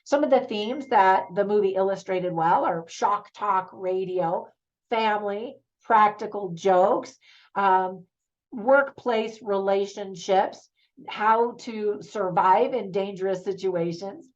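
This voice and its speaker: A woman's voice: medium pitch, slow, muffled recording. A middle-aged woman giving a chatty, opinionated movie review in a casual spoken style. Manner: chatty, opinionated, laughs easily.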